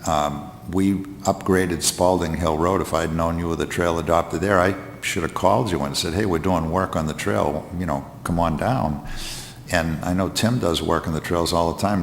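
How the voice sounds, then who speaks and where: A man's voice: deep voice, slight background noise. A man on a town committee, speaking with rambling enthusiasm at a meeting. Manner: enthusiastic, rambling, quick bursts. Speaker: committee member. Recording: echoey room from a distant mic.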